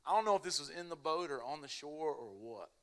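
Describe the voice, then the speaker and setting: Animated young male preacher. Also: fairly high pitch, brisk. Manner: animated, casual storytelling with lots of "like". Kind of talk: sermon.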